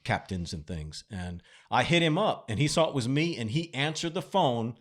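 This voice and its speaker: In a casual chat, a male podcast host recounts stories at a moderate pace in a mid-range voice, laughing a lot along the way and keeping his storytelling animated.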